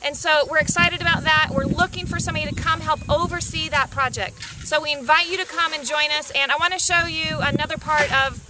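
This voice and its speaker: A woman's voice: high voice, fairly even intonation, fairly quick, few pauses. A woman leading a walking tour of an outdoor hillside site, enthusiastic and inviting, out of breath from the incline. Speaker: mission project leader giving a site tour.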